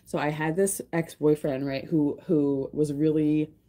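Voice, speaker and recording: A woman's voice: deep voice, little pitch movement, a little slow, dark tone. A young woman hosting a casual livestream, chatting and gushing to her viewers with lots of fillers. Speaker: livestream host.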